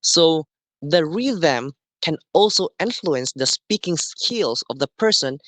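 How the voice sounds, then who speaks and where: A man teaching a class, explaining slowly and deliberately and often checking in with "okay". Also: fairly high pitch, animated, a bit bright, no echo. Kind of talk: classroom lesson.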